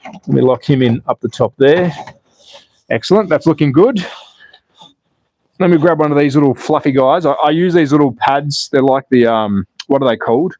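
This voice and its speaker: With no room sound at all, a slot car host talks casually on his home live stream while assembling a track. Self-deprecating and chatty, he reads comments aloud. He speaks at normal speed in a fairly high voice with a darkish tone.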